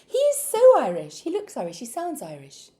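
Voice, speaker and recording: A woman co-hosting a podcast, chatting casually at a kitchen table, teasing and quick to laugh. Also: on the high side, wildly swooping pitch, noisy background. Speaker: podcast co-host. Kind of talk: casual chat.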